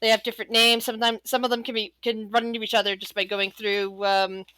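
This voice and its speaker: A woman's voice: on the high side, level tone, fast, sharp tone, no echo. A woman narrating as game master of a tabletop game, rambling with many restarts.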